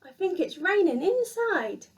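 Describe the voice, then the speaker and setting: A woman's voice: very high voice, sing-song, measured pace, recorded from a distance, voice pushed up, full character voice. A woman voicing a small, anxious young male mouse who pleads and worries, read from a storybook. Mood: pleading.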